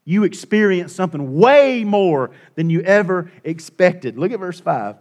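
Middle-aged pastor guy preaching, kinda high voice, gets quiet then loud, repeats himself for emphasis. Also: animated, unhurried. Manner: passionate, swings between hushed and loud. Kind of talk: sermon.

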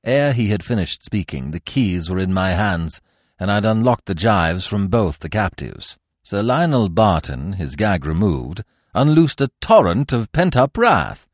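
A man narrating a classic adventure story in a theatrical, highly expressive reading. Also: measured pace, dry recording, studio quality. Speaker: podcast narrator. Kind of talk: dramatic audiobook narration.

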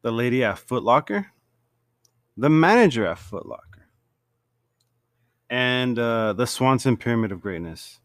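Animated man recapping a show, dry sound. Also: mid-range voice, unhurried, long pauses, no echo. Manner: animated, laughs often, acts out quotes. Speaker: TV show reviewer. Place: at home.

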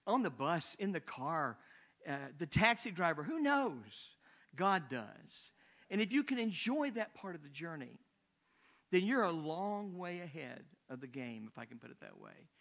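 A man's voice: high-pitched, very animated, normal speed, a bit bright. An older man, a missionary, preaching a sermon in a conversational, rambling way with asides.

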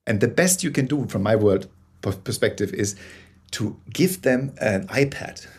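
A man's voice: medium pitch, animated, moderate pace, a little mellow, breathy edge. A man being interviewed as a guest, explaining his ideas with frequent restarts and tag questions like "yeah?". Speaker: guest storyteller. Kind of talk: interview conversation.

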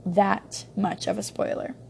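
A woman's voice: medium pitch, little pitch movement, unhurried, vocal fry, slight background noise. A young woman giving a casual book review, rambling with many ums and restarts.

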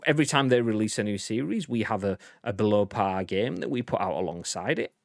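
A man hosting a casual gaming news chat, animated and ranting with frequent restarts. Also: fairly low pitch, a little fast, creaky, no room sound, clean studio sound. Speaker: show host.

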